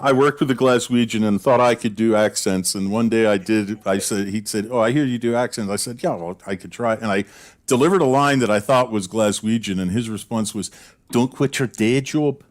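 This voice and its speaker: Older chatty man on a podcast panel. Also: on the low side. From United States. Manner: chatty, rambling, quick to laugh. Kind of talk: casual group chat.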